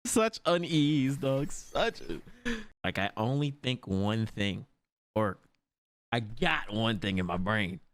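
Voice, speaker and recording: A man reacting to an anime episode in casual commentary, swearing and laughing often and jumping into high yelps when startled. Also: expressive, slow pace. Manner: frequent laughter and profanity.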